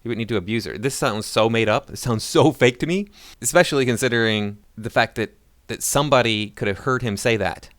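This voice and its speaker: A man's voice: mid-range voice, fairly quick, fairly bright tone, dry recording. A man ranting in sarcastic, mocking political commentary.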